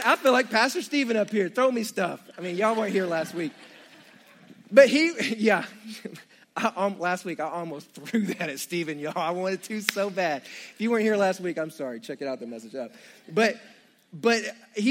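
A man's voice: high-pitched, moderate pace. A young man preaching a sermon, retelling the story with jokey asides and playful asides to the congregation. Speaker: pastor.

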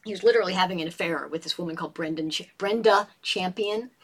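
A woman in a casual book discussion, retelling a novel as an animated storyteller and reading passages aloud. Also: fairly low pitch, fast.

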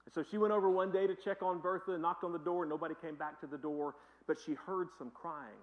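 Male preacher, high voice, chatty, repeats for emphasis, muffled lo-fi sound. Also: fairly even intonation, fast talker. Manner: conversational, repetitive, emphatic, joking asides. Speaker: pastor. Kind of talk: sermon.

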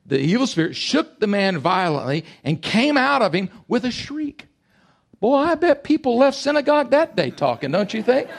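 A man in his sixties preaching a sermon, emphatic and animated, swinging between loud bursts and quiet asides. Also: very high voice, normal speed, vocal fry. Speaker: pastor.

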